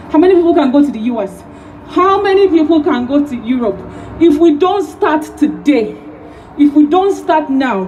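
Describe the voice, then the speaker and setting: A woman's voice: high-pitched, warm tone, dull audio. A woman in her thirties from Nigeria giving an emotional, rousing speech at an outdoor rally, repeating key phrases. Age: 30s. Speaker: rally speaker.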